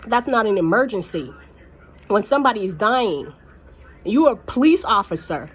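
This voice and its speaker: A woman's voice: medium pitch, big pitch swings, normal speed, slightly rough. A woman talks straight to her viewers in a heated personal vlog. She is furious and emphatic, hammering her points by repeating them. Her voice sounds close to tears throughout. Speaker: mukbang vlogger. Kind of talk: angry personal vlog rant.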